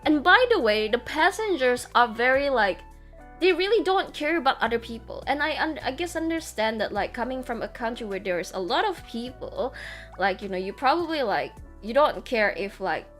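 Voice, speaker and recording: Young female VTuber, high-pitched, casual chatty storyteller who acts out quotes, faint music underneath. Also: moderate pace. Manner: animated storyteller, acts out quotes loudly, laughs often. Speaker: VTuber streamer. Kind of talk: casual chat.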